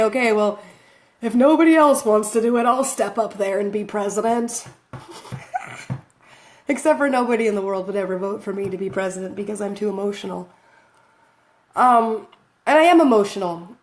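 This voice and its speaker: A woman talks casually to her phone camera, drifting from thought to thought. She is self-mocking and laughs often between lines. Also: medium pitch. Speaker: vlogger.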